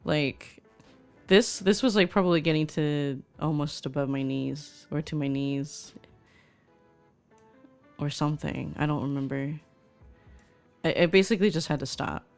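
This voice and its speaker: A woman's voice: deep voice, measured pace, gravelly, long pauses, a little mellow, faint music behind. A young woman VTuber chatting casually on stream, gushing and reading chat aloud.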